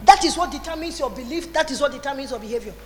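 A woman with a Nigerian accent preaching a lively sermon, slipping into Pidgin and Igbo phrases. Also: high-pitched, rapid-fire. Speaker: pastor. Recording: long reverb in a hall.

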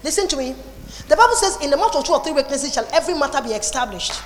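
A woman with a Nigerian accent preaching a lively sermon, slipping into Pidgin and Igbo phrases. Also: sits high, rapid-fire, slight background noise. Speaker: pastor. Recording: long reverb in a hall.

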